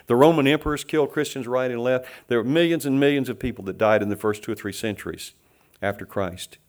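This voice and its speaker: Middle-aged guy preaching a sermon, chatty, asks the room questions, chuckles a bit. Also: medium pitch. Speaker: pastor.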